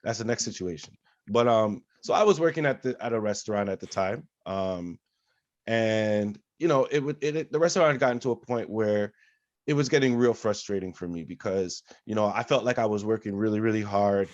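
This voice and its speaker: A man co-hosting a casual podcast, telling stories in an animated, loud, profane way. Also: fairly low pitch, a little fast, no echo, dull audio. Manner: animated storyteller, loud and profane when reenacting. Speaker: podcast co-host.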